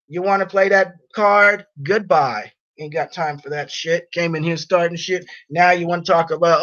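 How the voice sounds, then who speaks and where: A high-pitched man chatting on a live stream, blunt and annoyed as he reads out viewer comments. His audio is dull and lo-fi, like a cheap computer mic. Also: fairly even intonation, a little slow, a bit bright. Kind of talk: casual live stream chat.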